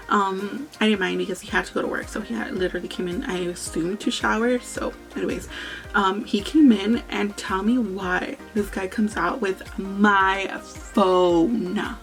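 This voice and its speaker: Chatty young woman with vocal fry. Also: medium pitch, moderate pace, faint music behind, low-quality recording. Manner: chatty storytelling, swears freely. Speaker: beauty vlogger. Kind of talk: casual makeup tutorial chat.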